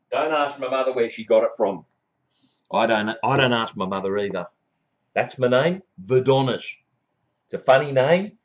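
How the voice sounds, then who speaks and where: A man rambling through a comic monologue for his own show pilot, laughing at his own jokes and breaking into shrill excited shouts, on a dull lo-fi recording.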